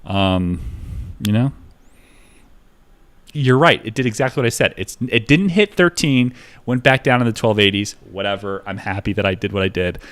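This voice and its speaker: A man's voice: on the low side, animated, normal speed. A man chatting casually on a live stream while trading, rambling and profane, with lots of filler words. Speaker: livestreamer trading stocks.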